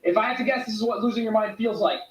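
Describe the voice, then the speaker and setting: A man's voice: high voice, racing, faint music behind, natural voice. An actor playing an exasperated, sarcastic man who has completely run out of patience, heard as distant, roomy clip audio.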